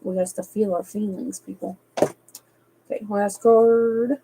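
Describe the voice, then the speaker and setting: A woman's voice: medium pitch, steady tone, takes it slowly, vocal fry, mellow, a little hiss or hum, low-quality recording. A woman doing a live-streamed tarot reading, reading card texts aloud evenly and slipping into casual, chatty asides. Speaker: tarot reader.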